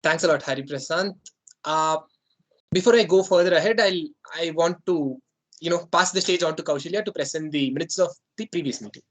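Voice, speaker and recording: A man's voice: fairly high pitch, fairly quick. A man with an Indian English accent, the club president chairing an online meeting in a rambling, conversational way with many fillers.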